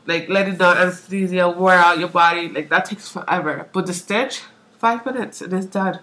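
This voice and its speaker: A woman's voice: mid-range voice, bright, forceful tone. A young woman telling a rambling story in a casual vlog, saying "like" a lot, acting out other people's lines and laughing often. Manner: chatty, rambling, full of "like"; acts out quoted voices, laughs often. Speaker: vlogger.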